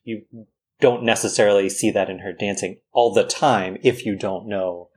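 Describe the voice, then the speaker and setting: A man co-hosting a casual podcast chat, speaking in a measured way and laughing along easily. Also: fairly low pitch, fairly even intonation, a little mellow, husky. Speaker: podcast co-host.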